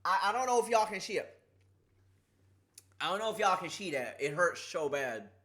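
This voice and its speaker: A man streaming casually, talking haltingly with a slight lisp from a sore tongue, repeating words and struggling with S sounds. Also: sits high, big pitch swings, bright, forceful tone. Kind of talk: casual livestream chat.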